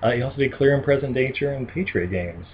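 A man's voice: mid-range voice, animated, quick pace. Man, podcast co-host, casual movie chat, playful, dull lo-fi recording. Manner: jokey, does goofy impressions. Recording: muffled lo-fi audio with faint hiss.

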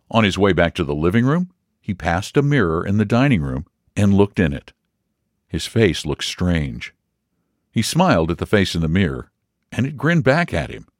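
A man reading a story aloud as narrator, measured and expressive. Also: on the low side, dry recording, studio quality. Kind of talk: audiobook reading.

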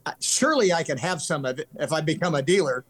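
A man's voice: a little high, lively intonation, quick pace, fairly bright tone. An older man from California, a country singer guest telling long earnest stories in casual interview chat. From California, USA. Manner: earnest, rambling storyteller.

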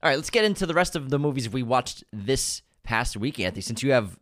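Young male podcast co-host, lively pitch, wisecracking, casual delivery. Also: brisk. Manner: animated, jokey, playful teasing. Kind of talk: casual film chat.

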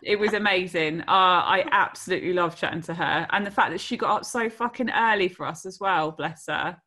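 A woman's voice: on the low side, a little fast. A woman co-hosting a podcast, telling sweary, giggly stories about her nursing days. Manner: sweary, giggly, animated storytelling. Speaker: podcast co-host, former nurse. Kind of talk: casual comedic chat.

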